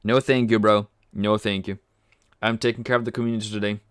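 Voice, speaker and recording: A man's voice: fairly low pitch, flat delivery, fairly quick, clean tone, dry recording, clean studio sound. A man hosting a casual trading livestream, chatty, reading viewer comments aloud and cracking jokes. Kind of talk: casual live-stream chat.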